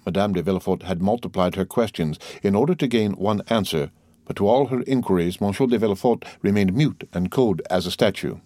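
Low-voiced man reading a classic novel. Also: brisk, mellow, no room sound, studio quality. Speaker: narrator.

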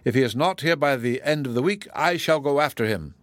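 A man voicing a hearty, insistent country squire who talks over others, raised and loud. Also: medium pitch, animated, fairly quick, dry recording, close to an everyday voice. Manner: bluff and insistent.

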